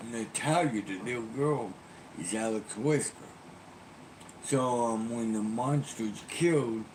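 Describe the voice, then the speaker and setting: Slow-talking man retelling a story. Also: mid-range voice, noisy background. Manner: rambling, many ums and restarts. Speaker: streamer. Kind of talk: casual game plot retelling.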